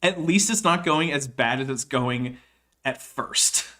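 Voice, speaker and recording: A man's voice: mid-range voice, measured pace, sharp tone. A man hosting a casual livestream, joking and reading a text aloud with chatty asides. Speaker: host.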